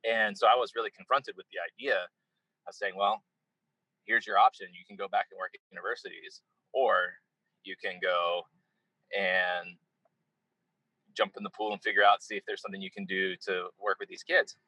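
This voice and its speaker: A middle-aged man telling stories in a relaxed interview, with a lowish, husky voice and a bright, forceful edge. He is animated, acts out back-and-forth exchanges, and leans on "you know" between thoughts. The sound is close and dry. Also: moderate pace, long pauses, dry recording, poor audio. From United States. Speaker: interview guest. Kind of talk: casual conversational interview.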